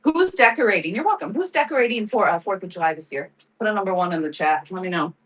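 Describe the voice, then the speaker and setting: Talking fast with lively intonation, a woman with a mid-range voice runs a live craft sale as casual stream chat. The audio is poor and she sits far from the mic, laughing often and thanking viewers by name.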